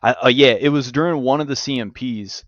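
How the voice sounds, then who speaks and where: A man hosting a podcast, telling stories in casual, profane, animated chat. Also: medium pitch, fairly quick, dry recording, dull audio. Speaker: podcast host.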